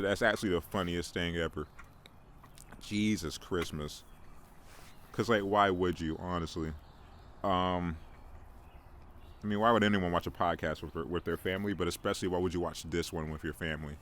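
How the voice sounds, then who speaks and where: A young man with a fairly low voice rambles through a casual podcast story, poking fun at himself and tripping over his words. A faint hiss of noise sits behind him. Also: a bit bright. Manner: rambling, self-mocking, stammers and repeats words. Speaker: podcast host. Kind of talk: casual monologue.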